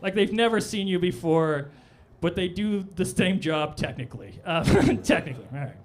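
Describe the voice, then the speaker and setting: A man's voice: high voice, lively intonation, normal speed. A man performing a stand-up comedy set on a club stage, with a loose, rambling delivery full of "all right?" asides.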